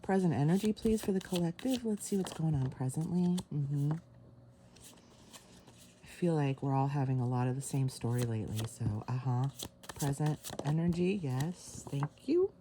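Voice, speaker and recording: A woman giving a casual tarot reading to camera, excited and emotional, with sighs. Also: low-pitched, normal speed, slight background noise. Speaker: tarot reader. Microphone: camera mic.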